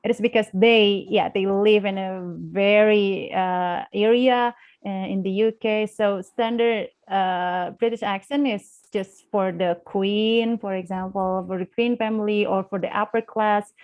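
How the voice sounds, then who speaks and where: A woman's voice: medium pitch, fairly even intonation, unhurried, lo-fi sound. A young woman with an Indonesian accent, a guest speaker in a live online class, talking with many fillers and restarts.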